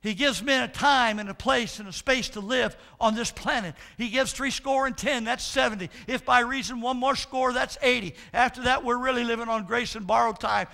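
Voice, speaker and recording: A man preaching a sermon as pastor, emphatic and animated, repeating his points. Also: very high-pitched, moderate pace, creaky, few pauses.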